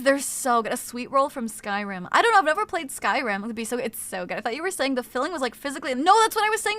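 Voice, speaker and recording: A woman streamer chatting casually on a live stream, talking in an excitable, animated way, swearing freely and reading her chat aloud. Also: high voice, no echo. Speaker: game streamer.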